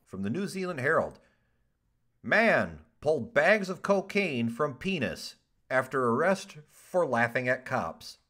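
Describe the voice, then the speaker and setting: A man's voice: mid-range voice, measured pace. A man hosting a casual podcast, reading odd news stories aloud with jokes, swearing and laughter. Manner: animated, laughs often, swears, ad-libs jokes.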